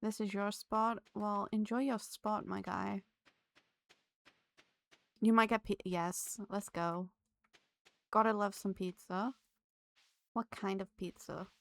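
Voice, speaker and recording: Brief: woman streamer, bright voice, dry close sound, chatty and giggly while playing. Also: mid-range voice, steady tone, slow, vocal fry, long pauses, no echo. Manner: chatty, laughs often, talks to chat. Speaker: game streamer. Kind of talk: live gameplay streaming chat.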